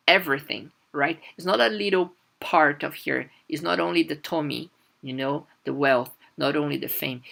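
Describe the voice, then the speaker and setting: Woman teaching japanese, super casual, lots of "right?", bright and a bit gravelly. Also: sits low. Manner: chatty, lots of fillers and rhetorical "right?". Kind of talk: casual language lesson.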